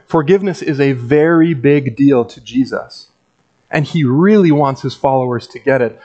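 A man's voice: medium pitch, normal speed, mellow, muffled recording. A man preaching a sermon as a pastor in a conversational, wry way with dry asides.

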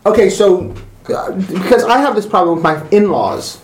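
A tipsy man rants in a casual chat, his pitch leaping up and down as he swears and says sorry again and again. His voice rings in an echoey room. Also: lively intonation, moderate pace, very noisy. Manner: profane, heated, keeps apologizing. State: slightly intoxicated. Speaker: guest. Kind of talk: casual podcast conversation. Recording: roomy echo.

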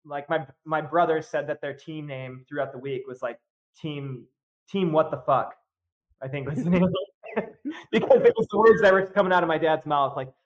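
High-voiced man telling a rambling story. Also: normal speed. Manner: rambling, filler-heavy, laughs often while telling. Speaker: podcast guest. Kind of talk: casual storytelling chat.

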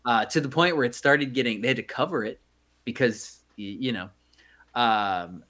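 A man's voice: medium pitch, normal speed, fairly bright tone. A middle-aged man chats on a podcast with a voice in the middle range. He rambles and loses his thread, filling gaps with ums and uhs and restarting his sentences. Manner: rambling, many fillers and restarts. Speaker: podcast co-host. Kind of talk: casual chat.

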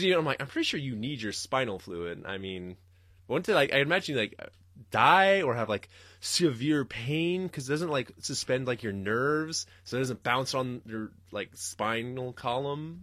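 A man's voice: medium pitch, fairly bright tone, dry recording, studio quality. A young man hosting a podcast, ranting and rambling solo with lots of swearing and laughter. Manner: rambling, profane, laughing ranter. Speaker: podcast host.

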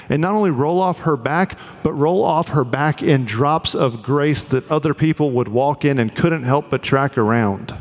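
An earnest male pastor preaches in a slightly high voice, talking plainly with the odd filler. His words ring out through a large hall with a long reverb. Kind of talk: sermon.

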